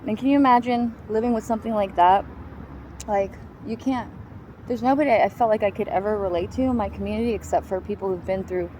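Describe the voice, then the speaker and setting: A woman's voice: medium pitch, a little mellow, slight background noise, poor audio. Blunt, foul-mouthed woman telling her story. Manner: blunt, heavily profane, emphatic. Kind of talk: raw personal testimony.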